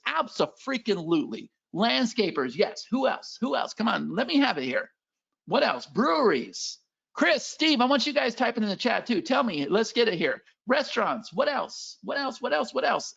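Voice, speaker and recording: A man hosting a live sales webinar, energetic and pushy, hyping up the chat and repeating himself. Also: high voice, creaky. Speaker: webinar host selling software. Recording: dull lo-fi webinar audio.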